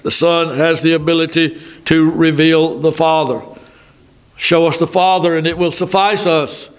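Folksy older Southern preacher, high voice. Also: male voice, fairly even intonation, normal speed. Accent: Southern American. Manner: folksy, thinking aloud with asides. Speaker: pastor. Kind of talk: sermon.

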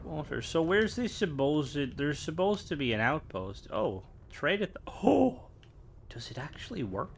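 A man's voice: fairly high pitch, sing-song, moderate pace, hardly any pauses, a little hiss or hum. A young man streaming a game, chatting casually and rambling with lots of fillers and playful asides. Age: young adult. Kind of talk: casual chat while gaming.

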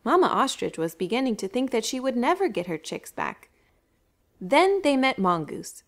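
Animated woman reading to children. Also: a little high, moderate pace, gravelly. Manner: bright, animated, addresses children. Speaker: library storyteller. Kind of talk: children's story time reading.

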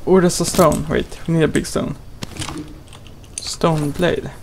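A man's voice: a little high, little pitch movement, slow pace, slight background noise, poor audio. A man hosting a gaming channel, giving playful, exclamatory let's play commentary and talking to his character.

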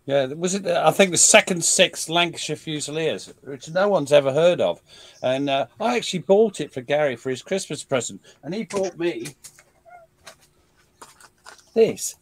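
A man's voice: a little high, animated, normal speed, a little hiss or hum. A British man, a guest author on a video call, bantering in a teasing, mock-insulting way. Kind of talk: joking banter.

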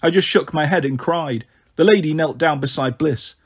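A man reading a children's novel aloud in a measured, earnest storytelling manner. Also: fairly high pitch, husky. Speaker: audiobook reader. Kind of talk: scripted narration of a children's novel.

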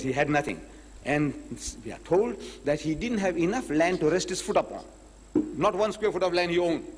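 In an echoey lecture hall, a man gives a public talk, retelling a debate as an animated storyteller who voices both sides of the exchange. His pitch is fairly high and slightly rough.

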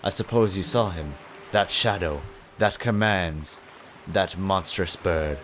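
A man's voice: deep voice, slow, a bit bright, a little hiss or hum. A man voicing a solemn, wise talking boat, reading the game text in a formal, stately way.

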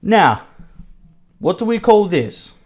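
An English teacher giving young pupils a vocabulary lesson over a house tour, repeating each word slowly, asking checking questions and praising answers. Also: mid-range voice, very animated, a little mellow.

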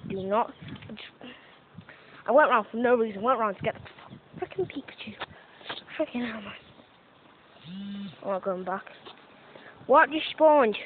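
A woman's voice: fairly high pitch, measured pace, pauses often. A young woman vlogger giving casual, self-mocking commentary while walking around outdoors playing a mobile game, swearing now and then. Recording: tinny phone-like audio with faint noise.

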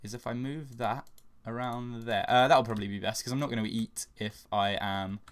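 A young man giving casual, chatty commentary over a video game he is playing, getting loud and swearing when under attack. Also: mid-range voice, steady tone, moderate pace. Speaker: gaming channel host.

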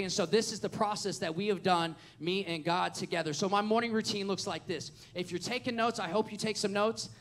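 High-voiced, gravelly preacher. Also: male voice. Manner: animated storytelling, acts out the scenes. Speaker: pastor. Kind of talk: sermon.

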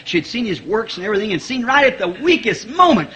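Male preacher, high and ringing, wildly swinging pitch, shouts at the peaks. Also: very animated, fast, few pauses, breathy edge, faint music behind. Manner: fervent, rising to shouts, chuckling. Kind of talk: sermon.

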